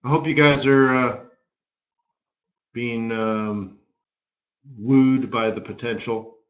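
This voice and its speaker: A man hosting a live trading webinar, telling stories in an energetic, emphatic way with punchy repeated phrases. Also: mid-range voice, slow pace. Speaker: forex market strategist hosting a live webinar. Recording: roomy, slightly dull webinar audio.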